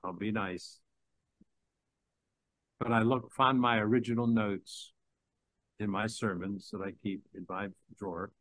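A man's voice: fairly low pitch, steady tone, a little slow, long pauses, a bit bright, dry recording. An older male pastor giving a conversational sermon, rambling with restarts and small chuckles.

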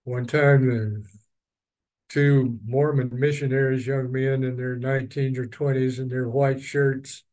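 A man's voice: mid-range voice, level tone, measured pace, darkish tone, low-quality recording. A man teaching a Bible study, reading verses and then explaining them at length with personal asides. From East Texas.

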